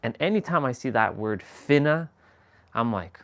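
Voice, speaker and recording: A man's voice: mid-range voice, animated, moderate pace, fairly bright tone. A man in the middle of his range chats casually to his live stream viewers. He rambles through his thoughts in a loose, slangy way and drops in chuckling asides. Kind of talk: casual chat.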